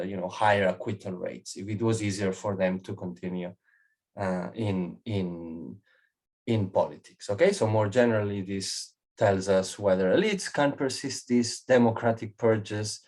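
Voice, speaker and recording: Low-voiced man discussing a paper. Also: a little mellow. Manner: conversational, with personal asides. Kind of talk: academic conference discussion.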